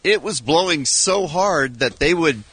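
A man chatting casually on studio radio, wandering through long stories with a wry edge. His pitch rises and falls freely. The sound is close and dry. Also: expressive, unhurried, fairly bright tone, slightly rough, no echo. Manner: wry, rambling storyteller. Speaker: radio show regular.

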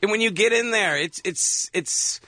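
A man's voice: high-pitched, moderate pace, bright, forceful tone, no echo. A man in his fifties, a comedian guest telling rambling stories on a radio show, stammering and restarting often. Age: 50s. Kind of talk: casual radio interview chat. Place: radio studio.

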